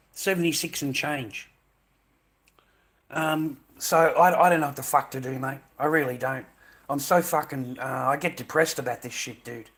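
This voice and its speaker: Australian man, bright forceful voice, swears a lot, repeats himself, vlog rant. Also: mid-range voice. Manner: profane, repetitive, says "mate" constantly. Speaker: vlogger. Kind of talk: ranting monologue to camera.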